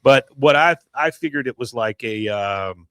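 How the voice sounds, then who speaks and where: A man's voice: medium pitch, a little slow, clean tone, no echo, clean studio sound. A man co-hosting a podcast, animatedly recapping an episode in casual chat. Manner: animated, acts out the quotes. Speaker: podcast co-host.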